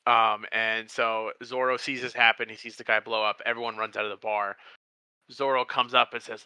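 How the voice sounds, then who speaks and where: A man co-hosting a movie podcast, chatting casually and animatedly, jumping up in pitch when he acts out scenes. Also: moderate pace, smooth, no echo. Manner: animated, acts out characters with big pitch jumps. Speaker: podcast co-host. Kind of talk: casual movie review chat.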